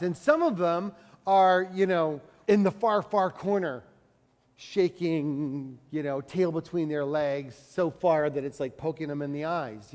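Guy preaching, chatty, goes loud then real quiet, pretty high voice, lots of hall echo. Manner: conversational preaching, swings from loud to hushed. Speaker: pastor. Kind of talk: sermon.

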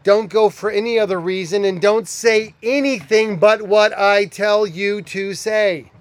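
A man playing a stern archangel in a sermon retelling, speaking low, quiet and commanding. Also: steady tone, unhurried, dry recording. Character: stern archangel with drawn sword, male.

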